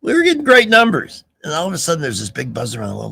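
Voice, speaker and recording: A middle-aged man hosting a radio talk show, telling stories in an animated, emphatic way with restarts. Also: fairly low pitch, quick pace, gravelly, few pauses. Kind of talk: casual talk radio chat.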